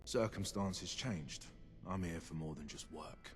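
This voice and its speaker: An actor with a British accent playing a curt, prickly ghoul ammo merchant in video game dialogue, with short, guarded replies. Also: male voice, sits low, unhurried.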